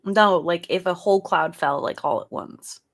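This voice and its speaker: Woman, lowish voice, giggly, laughs a lot, podcast co-host. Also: normal speed. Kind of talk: casual podcast chat.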